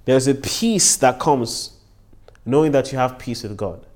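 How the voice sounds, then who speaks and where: A man's voice: medium pitch, unhurried, a little mellow. Earnest man teaching the Bible. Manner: earnest, repeats key phrases for emphasis; exclamations of praise between points. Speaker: preacher and podcast host.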